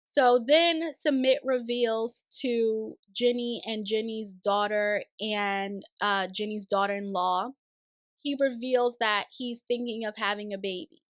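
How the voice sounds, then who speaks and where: A woman's voice: a little high, fairly even intonation, slow pace, dry recording, studio quality. A young woman recapping a reality show in casual, sassy commentary with exasperated, opinionated asides.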